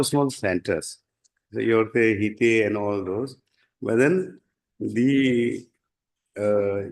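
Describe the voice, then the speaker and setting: A man with an Indian English accent presents a formal courtroom submission to the bench. His voice sits at an ordinary middle pitch, and his delivery halts often, padded with fillers. He defers to the judge constantly, repeating "my lord.". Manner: halting, deferential, repeats 'my lord' constantly. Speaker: litigant arguing his case in court.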